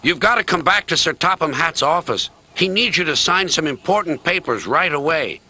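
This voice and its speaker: A man playing an urgent, bossy adult male messenger in a TV story, calling out loudly over music. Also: a little high, expressive, normal speed, voice pushed up, heavily acted. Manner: urgent, shouting.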